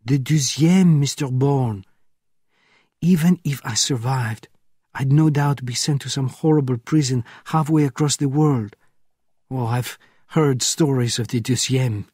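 A man's voice: medium pitch, a little slow, darkish tone, husky, no echo, studio quality, pitched above the performer's own voice. A man reading an audiobook, voicing a frightened female accomplice of an assassin in a raised, urgent voice. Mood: pleading.

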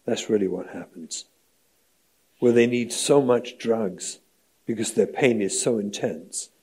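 Husky rabbi guy giving a parenting lecture, punchy and rhetorical, keeps going "right?". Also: fairly low pitch, warm tone. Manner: emphatic, rhetorical, often asks "right?". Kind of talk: training lecture to an audience.

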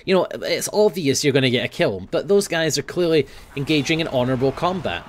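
A young man giving casual gameplay commentary, swearing often and grumbling at his team, quick to flare up. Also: a little high, animated. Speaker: gaming video host.

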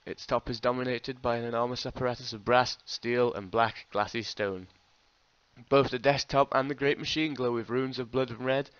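A man with an ordinary mid-range voice reads an interactive fiction game aloud, expressive and often breaking off with laughing asides. The sound is dry and close. The recording is dull and lo-fi. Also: medium pitch, normal speed, clear, resonant tone, dry recording. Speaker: host.

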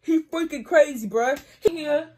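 A young woman vlogging casually to camera, excitable and slangy, often exclaiming in frustration. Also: high-pitched, unhurried, noisy background. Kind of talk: casual prank vlog talk to camera.

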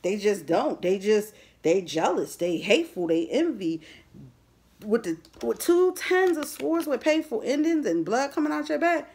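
A woman's voice: fairly high pitch, animated, measured pace, a little mellow. Blunt, profane woman tarot reader. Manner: blunt and profane, heavy slang. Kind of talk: casual tarot reading monologue.

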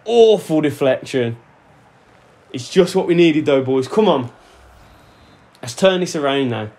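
A young man giving excitable, sweary commentary over a football video game, shouting at his players. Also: fairly high pitch, a little slow. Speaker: gaming YouTuber. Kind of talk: live gameplay commentary. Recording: faint music under voice.

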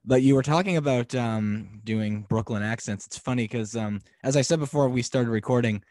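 A man's voice: medium pitch, moderate pace, a little mellow, dry recording. A young man hosting a podcast, chatting casually and hesitantly with many ums and restarts. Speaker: podcast host. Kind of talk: casual chat.

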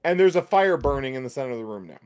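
Game master, man, excitable, swears freely. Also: mid-range voice, very fast, clean tone. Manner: excitable, swears when surprised. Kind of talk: running a tabletop game.

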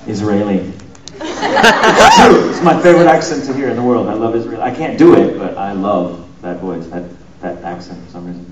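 A man speaking as a voice actor on a convention panel, telling stories with animated, laughing delivery. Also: lowish voice, normal speed. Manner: animated storyteller, laughs often. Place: hotel convention panel room. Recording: echoey hall, distant, noisy.

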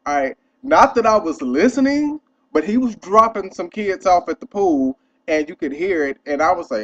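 A young man ranting in a casual vlog, profane and animated as he tells a story. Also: fairly high pitch, normal speed, muffled recording. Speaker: vlogger.

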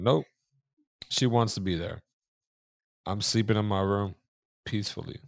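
A man co-hosting a podcast, telling a story in a casual, animated way and swearing freely. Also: fairly low pitch, measured pace, vocal fry, long pauses, dry recording, studio quality. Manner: animated, swearing, shouts when acting out scenes. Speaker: podcast co-host.

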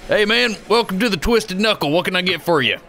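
A man's voice: high-pitched, animated, brisk, sharp tone, voice pushed up, exaggerated voice. A man voicing a laid-back bartender who talks in a casual, easygoing way. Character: laid-back adult male bar bartender.

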